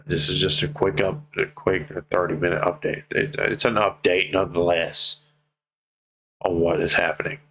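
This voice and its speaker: A man's voice: sits low, little pitch movement, normal speed, sharp tone. A young man speaking to his viewers in a personal vlog update, emotional, heartfelt and casual, with some swearing. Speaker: vlogger.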